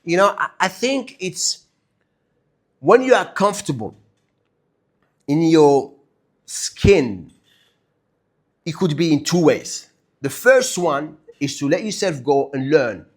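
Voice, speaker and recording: A man from Algeria with a French-tinged mixed English accent, a podcast co-host telling stories in a casual, animated way and swearing casually. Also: a little high, slow pace, long pauses. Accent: French-influenced English, mixed British, Australian and American. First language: French and Arabic. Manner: animated storyteller, acts out quoted voices, swears casually. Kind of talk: casual chat.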